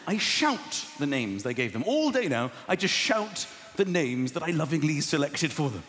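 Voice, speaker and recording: A man in his thirties doing a stand-up comedy routine, acting out voices with big shouts and gasps. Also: a little high, big pitch swings, normal speed. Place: large theatre stage before a live audience. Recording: echoey theatre with long reverb and crowd noise.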